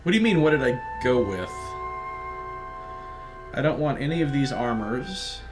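A man's voice: medium pitch, lively intonation, moderate pace, over music. A man giving casual, joking let's play commentary while chatting with his viewers. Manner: chatty, joking, talks to chat. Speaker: gaming livestreamer.

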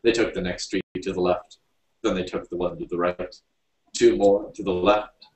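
A man reading a story aloud, narrating in an unhurried storybook manner. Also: deep voice, fairly even intonation, a little mellow. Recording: roomy, distant mic.

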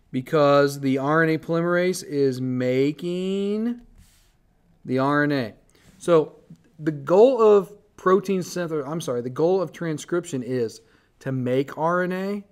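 In a recorded screencast biology lecture, a man talks casually while drawing on his slides and correcting his own slips. His voice is fairly high and smooth.

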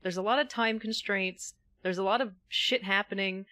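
A woman's voice: medium pitch, steady tone, normal speed, bright, forceful tone, no echo, studio quality. A woman streaming a video game live, chatting casually, joking and swearing freely. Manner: profane, joking, laughs often.

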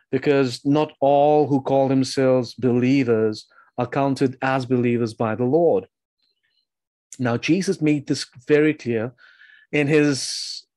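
A man's voice: mid-range voice, darkish tone, dry recording. Earnest man preaching in a dry room. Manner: earnest, emphatic, with rhetorical questions. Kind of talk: sermon.

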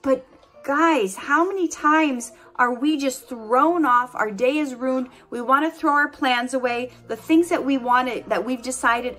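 A woman with a bright, high voice talks earnestly to her camera at home, offering motivational life advice. She is animated and laughs easily, and faint music sits under her voice. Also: measured pace. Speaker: vlogger giving life advice. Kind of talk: casual motivational talk to camera.

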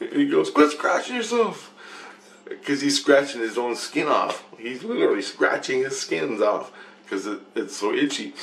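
A man's voice: medium pitch, vocal fry, a bit bright. A man telling a rambling spiritual story, swearing and chuckling often as he goes. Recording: echoey room with faint noise.

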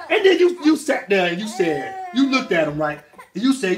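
A man's voice: high voice, sing-song, a little fast. A man joking and telling rambling stories to a crying baby, playful and often laughing, filmed on a phone. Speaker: uploader talking to a crying baby. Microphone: phone video. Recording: noisy room with crying and laughter. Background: baby crying, people laughing.

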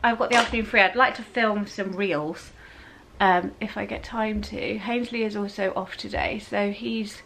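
An English woman in her thirties chats to her vlog camera in a rambling, easygoing way, often stopping to correct herself. Her voice sits at an ordinary middle pitch. Faint hiss runs under the recording. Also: steady tone, moderate pace, creaky, fairly bright tone, rough recording. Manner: chatty, rambling, self-correcting. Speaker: vlogger. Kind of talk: casual vlog chat.

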